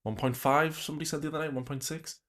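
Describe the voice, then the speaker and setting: A man's voice: fairly high pitch, fairly even intonation, racing, a bit bright. A man reacting to a livestream, talking bluntly with an exasperated, ranting manner. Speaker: reaction commentator.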